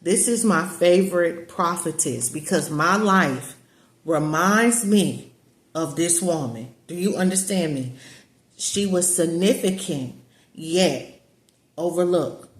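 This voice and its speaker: A woman's voice: on the low side, slow pace, reverberant. A woman preaching casually and emphatically to her viewers, repeating herself and calling them y'all. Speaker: spiritual teacher and online community leader.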